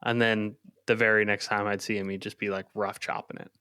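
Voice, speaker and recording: A man's voice: on the low side, flat delivery, a little fast, pushed and bright, smooth, no room sound, studio quality. A man co-hosting a casual podcast, a chef telling rambling stories and laughing often.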